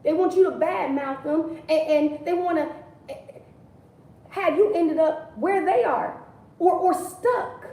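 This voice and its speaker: Woman preacher, casual livestream sermon, conversational and repetitive, high mellow voice, echoey room. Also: slow pace. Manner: conversational, repeats key phrases, colloquial. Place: indoors, livestream. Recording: echoey room, distant mic.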